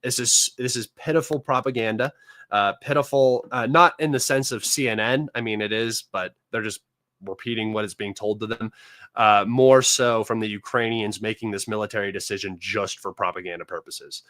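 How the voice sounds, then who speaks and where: A man's voice: on the low side, fairly even intonation, moderate pace, a bit bright, no room sound. A man hosting a live political commentary stream, reading news articles aloud and mocking them with scorn.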